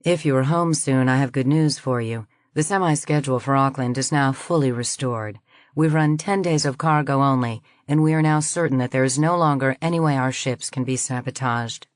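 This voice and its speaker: Woman reading as a polite young pilot officer, quiet and low, all business. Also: moderate pace, no echo, studio quality.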